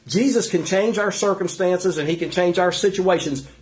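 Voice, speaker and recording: A man's voice: high-pitched, moderate pace, a little mellow. A man preaching a sermon in an earnest, conversational way, with frequent fillers and restarts. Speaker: pastor.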